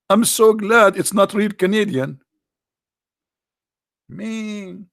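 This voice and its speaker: Sarcastic creaky man with Arabic-accented English. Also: sits high, slow, pauses often, a bit bright, no room sound, studio quality. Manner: sarcastic, mocking. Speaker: livestream host. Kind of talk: casual commentary.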